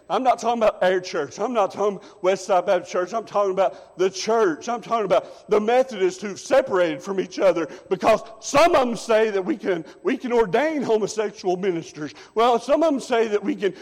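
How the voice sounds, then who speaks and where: A man's voice: high voice, a little mellow, long reverb tail. A man preaching as assistant pastor, emphatic and repetitive, hammering his points with "I'm telling you". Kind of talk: sermon. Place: church sanctuary.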